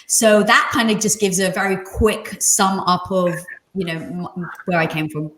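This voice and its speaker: A woman's voice: measured pace, slight background noise. Guest, woman in her forties, vivid storyteller who mimics the people she quotes; her voice rings in a roomy space. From London, England. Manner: animated, acts out quoted voices with jumps in pitch. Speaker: podcast guest. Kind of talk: reflective storytelling interview. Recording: roomy echo.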